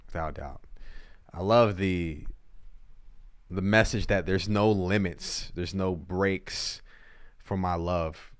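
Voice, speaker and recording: A man's voice: low-pitched, slow pace, long pauses, smooth, no room sound, clean studio sound. Earnest slangy man reacting to music. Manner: slangy, talks straight to the artist, earnest. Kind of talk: casual reaction commentary.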